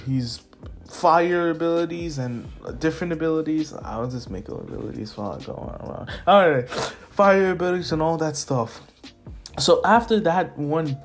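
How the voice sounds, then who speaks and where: Casual man rambling through a fan story. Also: fairly high pitch. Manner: rambling, filler-heavy.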